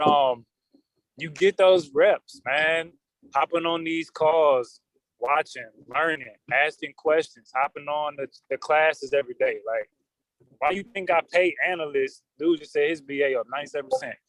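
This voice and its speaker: A man's voice: a little high, fairly bright tone, no room sound. A man leading a live trading stream, talking loosely and hyping up his results in casual slang. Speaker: trading group leader. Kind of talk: casual livestream talk.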